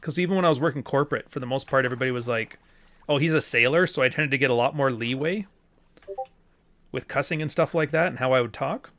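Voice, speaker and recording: A man's voice: medium pitch, fairly bright tone. A man hosting a live stream, chatting casually with a guest, cursing freely and joking. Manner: profane, joking, quick asides. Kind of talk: casual chat.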